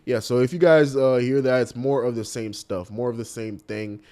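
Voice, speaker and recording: A young man hosting a casual commentary video, talking straight to his viewers with animated disbelief. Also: medium pitch, normal speed. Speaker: commentary host.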